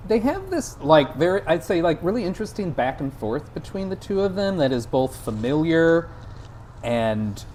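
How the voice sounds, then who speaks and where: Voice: medium pitch, very animated, moderate pace, a little mellow, slight background noise. A film podcast co-host chatting casually, searching for words with lots of fillers and restarts. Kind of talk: casual chat.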